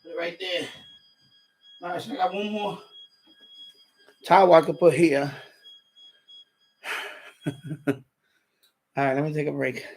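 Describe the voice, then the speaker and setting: A man's voice: on the high side, steady tone, a little slow, pauses often, darkish tone, a little hiss or hum. A man talking casually and out of breath on a live stream about his ham radio, laughing to himself as he moves gear around his setup.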